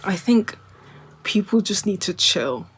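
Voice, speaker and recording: A woman's voice: medium pitch, expressive, slow, slight background noise. Rambling young woman musing to camera. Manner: rambling, lots of filler "like", drifting between wry and earnest. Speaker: vlogger. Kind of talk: casual monologue to camera.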